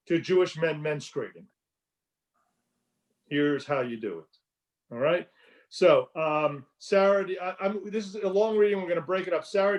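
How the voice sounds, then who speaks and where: A man teaching a class, speaking conversationally and calling on students to read aloud. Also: on the high side. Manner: conversational, calls on readers by name. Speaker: class leader.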